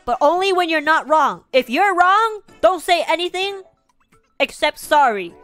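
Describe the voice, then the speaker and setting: A woman's voice: very high-pitched, lively intonation, unhurried, fairly bright tone, dry recording, faint music behind, pitched above the performer's own voice, exaggerated voice. A young woman quoting her stern mother, speaking firmly and emphatically to a small child. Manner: firm and emphatic.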